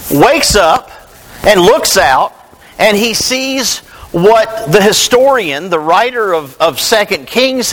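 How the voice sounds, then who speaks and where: Reading from scripture before unpacking it in a conversational way, a man delivers a sermon. He speaks with a forceful tone in a bright voice that sits high.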